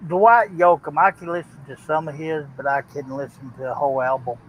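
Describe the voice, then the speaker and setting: A man in his fifties talks in a laid-back way with a somewhat higher voice, and he keeps his replies brief. He reminisces easily in casual chat. A faint hiss runs behind his voice. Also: fairly even intonation, fairly quick, rough recording. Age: 50s.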